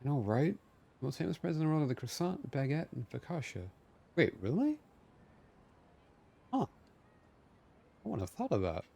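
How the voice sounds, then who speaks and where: A man's voice: fairly high pitch, very animated, normal speed, creaky, pauses often, mellow, husky. A man streaming a video game, chatting casually in a playful, rambling, jokey way. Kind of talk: casual gameplay commentary.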